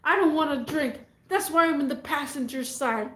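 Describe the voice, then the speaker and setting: A woman putting on the voice of a drunk, furious man who rambles, shouts and pleads. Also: high voice, moderate pace, reverberant, pitched above the performer's own voice. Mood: pleading. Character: drunk furious man ranting at his family.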